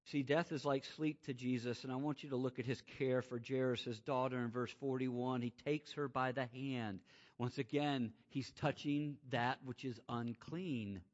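A man preaching a sermon, swinging from loud, rising exclamations to quiet, hushed emphasis. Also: medium pitch, steady tone, moderate pace. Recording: muffled lo-fi sound.

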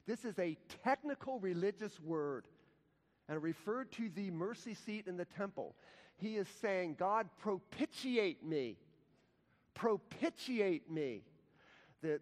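A man's voice: high voice, moderate pace. Impassioned male pastor in a reverberant hall. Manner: impassioned preaching with wide swings from loud to hushed. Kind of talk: sermon.

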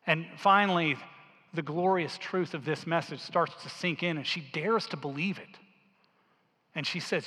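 A male pastor telling a story in a sermon with earnest, quiet intensity, dropping his voice low for quoted lines. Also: moderate pace, slightly rough. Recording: long hall reverb.

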